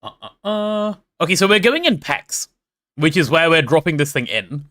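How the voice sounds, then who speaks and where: A man's voice: a little high, sing-song, moderate pace, sharp tone. A young man with a posh London accent chatting casually on a live stream, reading chat aloud and hamming up mock drama. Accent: London English. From England.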